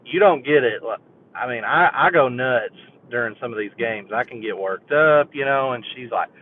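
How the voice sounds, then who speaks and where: A man calls in to a sports show and tells a rambling fan story, laughing as he goes. His mid-range voice is expressive at a normal speed, coming through a tinny phone line with faint hiss.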